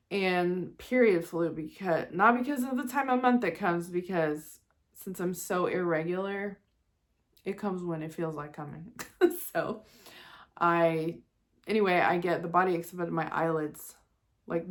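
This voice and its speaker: A woman in her forties, possibly, chatting candidly and emotionally to her viewers in a casual vlog, laughing at herself now and then. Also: lowish voice. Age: 40s. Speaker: vlogger. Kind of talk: casual personal chat to camera.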